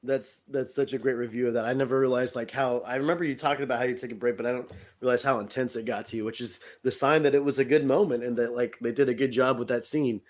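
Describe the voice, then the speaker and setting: A man's voice: mid-range voice, fairly even intonation, fast talker, hardly any pauses, darkish tone. A young man co-hosting a podcast in casual, jokey chat, laughing easily. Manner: laid-back, jokey, laughs often. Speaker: podcast co-host.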